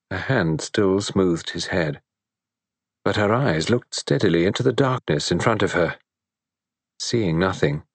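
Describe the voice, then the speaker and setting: Brief: male audiobook narrator, low voice, measured storytelling, dry close mic. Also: no room sound.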